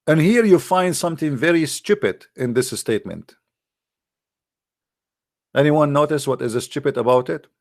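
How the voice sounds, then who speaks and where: A man's voice: a little high, normal speed, pauses often, no echo, studio quality. A man hosting a live stream, arguing emphatically and scornfully in non-native English, repeating words for effect. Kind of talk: argumentative commentary to a live chat.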